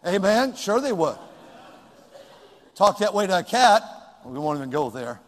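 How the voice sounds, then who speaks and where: An older man preaching a folksy sermon, swinging between loud outbursts and quiet asides. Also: high voice, very animated, a little slow, big-room sound. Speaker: pastor.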